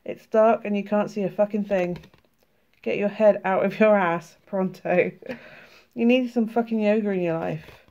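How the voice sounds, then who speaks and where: British woman vlogger with a sore throat, gravelly, casual and laughing, swears a lot; lo-fi home recording. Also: mid-range voice, steady tone, normal speed, a little mellow. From United Kingdom. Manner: chatty and laughing, swearing freely. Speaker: tarot and oracle card vlogger. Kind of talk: casual card flip-through, reading cards aloud.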